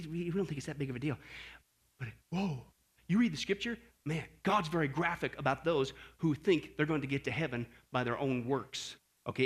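A male pastor preaching a sermon in an animated way, swinging from loud outbursts to hushed asides. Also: a little high, husky. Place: Las Vegas.

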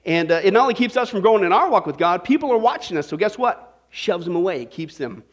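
A man's voice: high voice, quick pace. A male pastor preaching a Bible study, telling a joke and firing questions at the congregation by name. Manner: animated, quizzes the congregation by name. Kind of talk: sermon with joke.

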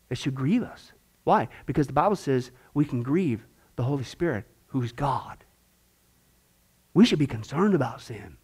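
A man's voice: fairly high pitch, big pitch swings, normal speed, a bit bright. A man teaching a discipleship Bible class, asking rhetorical questions and acting out little voices as he goes.

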